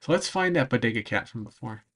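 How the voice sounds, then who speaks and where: A man chatting casually on a livestream, answering chat, rambling and often pausing to search for words, with frequent laughs. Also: medium pitch, expressive, a bit bright. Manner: laughs between phrases. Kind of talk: casual livestream chat over travel footage.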